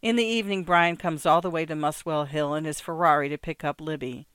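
Man narrating audiobook, measured, wry, resonant, dry studio sound. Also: on the high side, fairly even intonation, a bit bright, smooth, no echo. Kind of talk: scripted narration.

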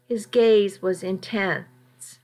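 Woman reading a romance story out loud, slow and calm, mid pitch. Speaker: narrator. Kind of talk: first-person story reading.

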